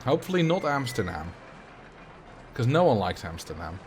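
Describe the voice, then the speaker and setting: A man's voice: mid-range voice, sing-song, moderate pace, a little hiss or hum. A man with a Dutch accent chatting casually as a streamer while playing a game, rambling and answering viewer questions.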